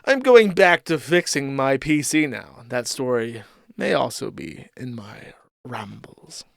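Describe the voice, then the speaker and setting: A man's voice: medium pitch, takes it slowly, creaky, dry recording, clean studio sound. A man hosting a live stream, reading posts and mocking them in a rambling, swearing commentary. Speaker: streamer host.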